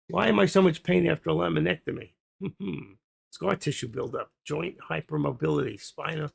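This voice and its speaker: A man's voice: on the high side, normal speed, creaky, slightly rough. A man hosting a trading live stream, rambling casually and muttering his thoughts aloud as he goes.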